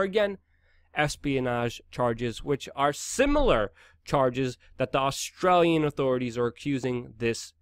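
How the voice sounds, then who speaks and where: A man's voice: a little high, no echo. A man hosting an online news commentary, talking in an indignant, emphatic and sometimes sarcastic way. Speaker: host.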